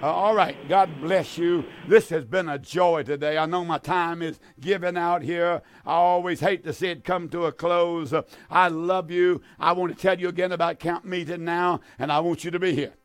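A man's voice: fairly high pitch, steady tone, normal speed, few pauses, clean tone, no echo. An older man, hosting a religious radio call-in show as pastor, emphatic and repetitive. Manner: warm, emphatic, repetitive preacher's talk.

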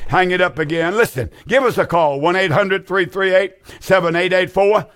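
A man's voice: sits high, normal speed, heavy background noise. An older man hosting a call-in Bible radio show, earnest and folksy, often repeating his phrases for emphasis.

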